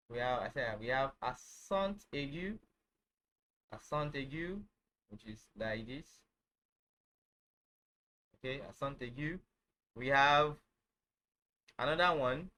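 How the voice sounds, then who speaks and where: A man teaching a casual online lesson, halting, with many fillers, who says each phrase over and over. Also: medium pitch, bright, forceful tone, rough recording. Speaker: language teacher.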